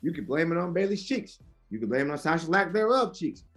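A man's voice: fairly high pitch, very animated, fast talker, faint music behind. A man arguing his side in a heated wrestling debate on a podcast, emphatic and insistent, repeating his points.

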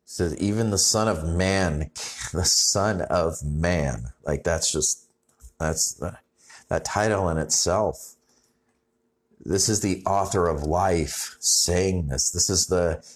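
A man preaching a sermon in a conversational way, often restarting his sentences. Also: sits low. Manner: conversational, halting restarts, rising intensity when reading scripture. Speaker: pastor.

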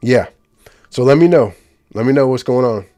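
A man preaching informally about deliverance prayer. He gets excited, speaks in quick bursts and keeps checking in with "right?". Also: mid-range voice, no room sound, faint music behind. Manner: excitable, rapid bursts, frequent "right?" tag questions. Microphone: handheld or stand mic, speaking to a live group.

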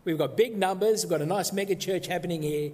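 Brash indignant apostle put on by a man preacher, loud protest, boastful, higher voice, long hall echo. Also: fast talker. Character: indignant apostle scolding his master, brash. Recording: long echoey hall reverb.

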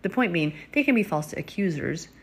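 Earnest woman preaching, lowish voice. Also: animated, normal speed, slightly rough. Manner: earnest, exhorting, with laughs and asides. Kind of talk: informal religious teaching.

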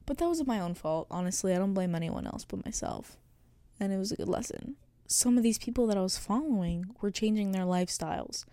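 A woman's voice: mid-range voice, expressive, a little fast, warm tone, no room sound. A woman in her late teens hosting a casual solo podcast, talking in a reflective, rambling way with lots of fillers, close to the mic. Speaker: podcast host. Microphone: close studio microphone.

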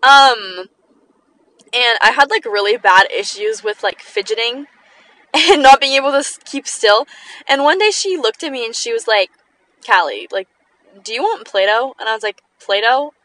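While behind the wheel, a young female vlogger shares personal anecdotes in a chatty way, laughing often and leaning on "like" as a filler. Her voice is fairly high, animated, bright and forceful at a moderate pace, and the recording quality is rough.

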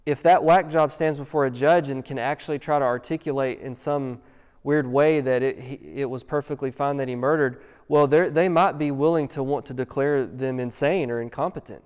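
A man's voice: medium pitch, fairly even intonation, normal speed, a little mellow, smooth. A man preaching a sermon, earnest and emphatic, asking his listeners one rhetorical question after another. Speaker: pastor. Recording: dull sound with long hall reverb.

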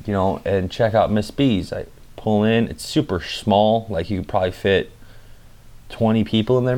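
Brief: low-pitched guy, casual travel vlogger, slangy and profane, rambling storyteller. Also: a little mellow.

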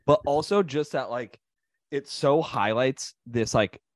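A man's voice: medium pitch, measured pace, dry recording, studio quality. A man hosting a podcast, chatting loosely and rambling with lots of fillers. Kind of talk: casual chat.

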